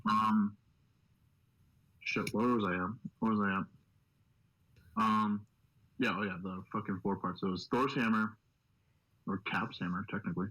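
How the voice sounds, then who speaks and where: A young man co-hosting a podcast in casual chat, swearing constantly and rambling excitedly. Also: fairly low pitch, a little slow, long pauses, poor audio. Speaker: podcast host.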